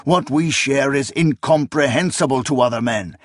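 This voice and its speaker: A man's voice: mid-range voice, slow pace, no room sound, studio quality. A man voicing a cold, bitter old male sorcerer who snaps and sneers scornfully. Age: older.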